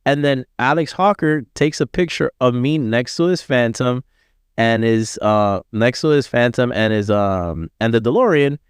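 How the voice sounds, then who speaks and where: A man's voice: medium pitch, normal speed, clean tone, no room sound, clean studio sound. A man from Miami in his thirties, a visiting artist telling a long story in casual, profane talk, acting out the people he quotes. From Miami, USA. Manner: profane, animated, acts out quoted voices. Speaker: artist guest.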